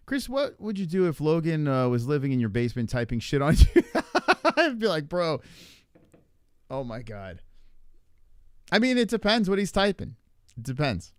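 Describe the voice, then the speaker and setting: Lively, rambling male streamer, dry sound. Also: on the high side, normal speed, pauses often, clear, resonant tone, dry recording. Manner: rambling, swearing, laughing at chat, many restarts. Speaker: livestream host. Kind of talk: casual live-stream chat reading viewer comments.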